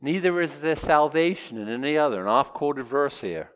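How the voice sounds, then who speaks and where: A man's voice: a little high, expressive, normal speed. A man preaching a casual, humorous sermon, stopping to joke and voice imagined objections. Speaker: pastor. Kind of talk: sermon with verse-by-verse teaching.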